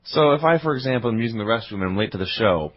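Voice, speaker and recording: A man co-hosting a podcast, giving dry deadpan comebacks in casual chat, on dull lo-fi audio. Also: mid-range voice, racing. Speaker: podcast co-host.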